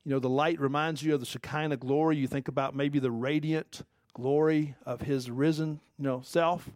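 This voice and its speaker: A male pastor giving a relaxed, chatty Bible lesson, asking his listeners questions as he goes. His voice sits a touch higher than most men's, and the sound is dry and close, with no room echo. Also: normal speed. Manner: conversational, animated, asks the audience questions. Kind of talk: casual Bible-teaching sermon.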